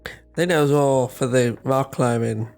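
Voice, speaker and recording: A man's voice: medium pitch, moderate pace, gravelly, a little mellow, faint music behind. A male podcast co-host in casual comedic chat, making dry, wry remarks and laughing often.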